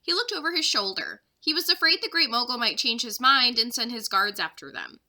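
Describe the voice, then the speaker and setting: A young woman with a fairly high voice reads a children's chapter book aloud to her class at a brisk pace. She's a third-grade teacher and an expressive storyteller.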